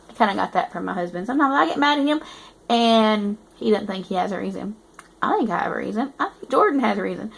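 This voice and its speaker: Brief: woman author, casual read-aloud with joking asides, fairly high voice. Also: lively intonation, fairly quick, creaky, fairly bright tone. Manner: self-mocking, chatty. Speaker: author reading her own book. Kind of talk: casual reading with chatty asides.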